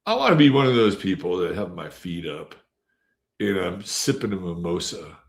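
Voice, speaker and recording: A male host chats loosely with his live viewers, wandering from one comment to the next. His voice is low and full of gravelly fry. He talks at an unhurried, drawn-out pace. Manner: rambling and chatty, with many fillers and sudden jumps in loudness. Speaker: astrology show host. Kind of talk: casual live-stream chat, greeting viewers.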